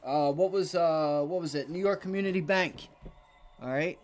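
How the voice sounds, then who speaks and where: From his home trading office, a man with a darkish voice on the high side hosts a live day trading stream at a moderate pace. His market commentary is casual and coaching, and he swears freely.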